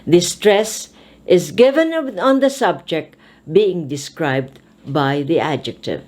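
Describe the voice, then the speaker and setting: A woman hosting an English pronunciation lesson, speaking with slow, deliberate, emphatic enunciation as a speech teacher. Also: lowish voice, animated, a little mellow.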